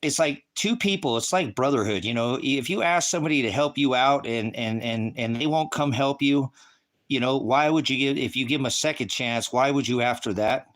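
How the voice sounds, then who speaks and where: Speaking at a moderate pace in a mid-range, slightly bright voice, a man from the United States preaches on a livestream. He rants at the chat in a confrontational, insulting way, swearing and going over the same things repeatedly.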